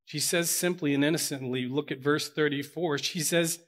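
Earnest man preaching, fairly high voice. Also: steady tone, a little slow, few pauses. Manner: earnest preaching, rising to emphatic peaks. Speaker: pastor. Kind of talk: sermon.

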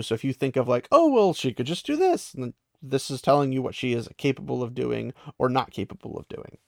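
A man's voice: medium pitch, vocal fry, no room sound, clean studio sound. A man casually recapping the plot of a fantasy novel, rambling and often restarting his sentences. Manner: rambling, many fillers and restarts. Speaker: book recapper.

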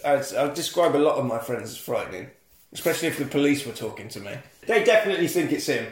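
A man's voice: medium pitch, expressive, fast talker. A man recapping a film plot as a podcast host, jokey and sweary. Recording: echoey room.

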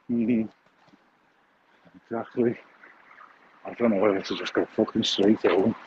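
A man, hosting a podcast in a crude, jokey, rambling monologue full of swearing and restarts while walking outdoors on a phone mic. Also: medium pitch. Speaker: podcast host. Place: outdoors, walking along a street. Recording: dull lo-fi sound with faint outdoor noise.

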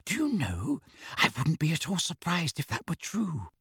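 A man's voice: fairly high pitch, wildly swooping pitch, moderate pace, breathy edge, dry recording, clean studio sound, pitched above the performer's own voice, heavily acted. A man doing an anxious, clever schoolgirl witch. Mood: hushed urgent. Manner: hushed, urgent whisper.

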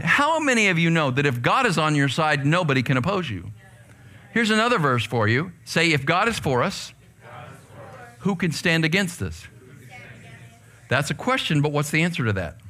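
Lively, bright-voiced man preaching. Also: a little high, moderate pace. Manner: lively, animated preaching that swings between hushed asides and loud, fired-up outbursts; leads call-and-response with the audience. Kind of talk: sermon to a youth group.

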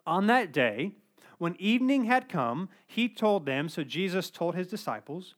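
Guy pastor giving a sermon, pretty high voice, chatty and lively with little asides. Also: measured pace. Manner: conversational, animated preaching with asides.

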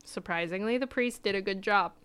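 A woman hosts a casual podcast and tells a ghost story. Her voice is smooth and clear at a mid pitch. She talks in a loose, chatty way and sometimes drops into a hushed spooky tone. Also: a little fast. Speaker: podcast host.

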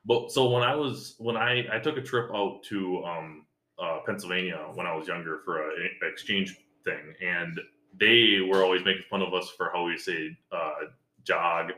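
Deep-voiced man, bright tone. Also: normal speed, reverberant, poor audio. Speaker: podcast guest. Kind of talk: casual chat.

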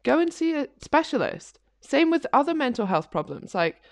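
A woman's voice: high voice, very animated, normal speed, vocal fry, dry recording. A woman co-hosting a fitness podcast in a casual, chatty way, leaning on "like" as she talks. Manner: chatty, repeats "like" often. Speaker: podcast co-host, fitness coach. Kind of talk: casual chat.

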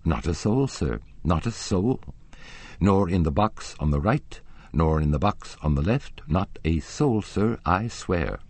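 A man voicing a nervous male house manager who pleads haltingly. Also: low voice, lively intonation, darkish tone, full character voice. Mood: anxious.

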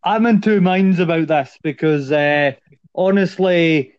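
A man's voice: fairly high pitch, a little slow, clean tone, no room sound. A man speaking as a guest on a casual sports podcast, giving his opinions in a conversational way. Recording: dull, dry lo-fi audio.

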